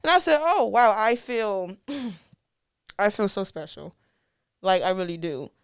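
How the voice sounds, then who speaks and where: Young dmv woman hosting a podcast, talks loose and laughs a lot, crisp dry voice. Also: medium pitch, takes it slowly, no room sound. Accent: American, DMV area. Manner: chatty, laughs often, lively swings in loudness. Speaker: podcast host. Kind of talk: casual chat.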